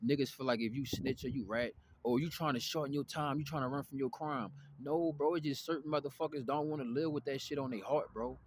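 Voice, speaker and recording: A man's voice: mid-range voice, fairly even intonation, brisk, hardly any pauses, slight background noise. A man giving a casual spiritual rant, full of profanity and street slang and constantly asking "you know what I'm saying". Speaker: spiritual vlogger.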